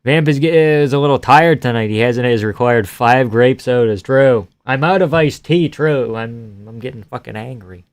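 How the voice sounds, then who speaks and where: A man's voice: medium pitch, moderate pace, hardly any pauses, no room sound. A young man hosting a live stream, casually reading out viewer comments and joking crudely in an offhand way.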